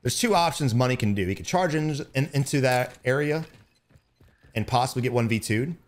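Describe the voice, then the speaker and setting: A young man giving blunt, profane gameplay commentary as a streamer, breaking into loud excited bursts. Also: mid-range voice, a little fast. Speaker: gaming streamer.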